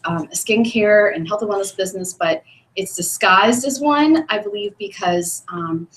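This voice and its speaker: A woman giving an earnest personal testimony at a sales meeting, hesitant and full of ums, recorded from a distance. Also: fairly low pitch. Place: meeting room, speaking up front. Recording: echoey room from a distant mic.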